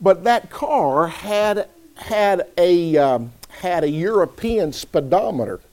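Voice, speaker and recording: A man preaching a sermon, speaking deliberately and calling on listeners by name. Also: sits high, expressive, darkish tone.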